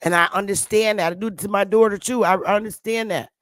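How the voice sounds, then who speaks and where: A fast, steady-toned woman at medium pitch delivers a blunt, unscripted opinion rant as a commentary vlogger. She sounds defiant and combative, swears heavily and repeats points to drive them home; the recording has no echo and soft background music.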